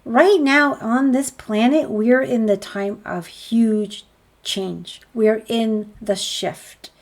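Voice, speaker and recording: A woman talks as a spiritual healer to a group healing call, in a voice pitched a little above the usual. She is earnest and encouraging and often strings rhetorical questions together. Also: slow.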